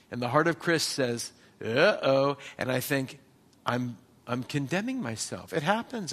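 A man's voice: on the high side, fairly bright tone. A man preaching a sermon as a pastor, telling personal stories and asking the congregation questions.

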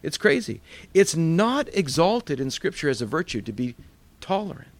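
A man's voice: a little high, big pitch swings, normal speed, no room sound. A male pastor teaching a Bible study in a conversational sermon style, full of rhetorical questions.

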